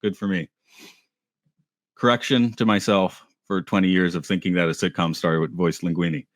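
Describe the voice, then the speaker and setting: A man's voice: deep voice, flat delivery, normal speed, dry recording. A man co-hosting a podcast in casual chat, rambling, correcting himself and laughing easily. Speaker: podcast co-host.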